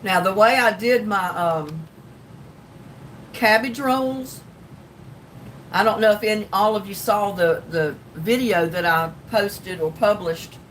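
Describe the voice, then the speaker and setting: An older woman with a Southern North Carolina drawl hosts a casual livestream, rambling along in a folksy way with plenty of ums. Her voice sits at an ordinary pitch and is picked up from a little way off the mic, with a faint rumble underneath. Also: a bit bright, recorded from a distance, low-quality recording. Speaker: livestream host. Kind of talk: casual livestream chat reading comments.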